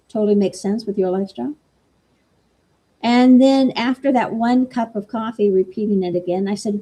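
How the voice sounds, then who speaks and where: A woman's voice: mid-range voice, moderate pace, dark tone. A middle-aged woman, a life coach and energy healer, casually telling a story and acting out the quoted dialogue. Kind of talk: casual talk stream.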